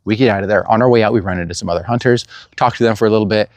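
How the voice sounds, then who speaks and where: A man casually telling the story of a hunt, animated and laughing as he acts out what was said. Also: lowish voice, very fast, no echo.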